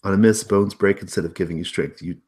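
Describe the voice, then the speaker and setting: A man's voice: deep voice, steady tone, fast, darkish tone, slightly rough. A man narrating as game master of a tabletop role-playing game, talking with many hesitant fillers.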